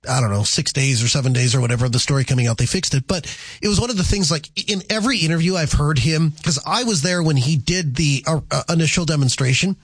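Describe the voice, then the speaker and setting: A man's voice: a little high, fast, slightly rough, no room sound. Chatty man hosting talk radio. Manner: chatty, rambling, with filler words and restarts. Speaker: radio talk show host.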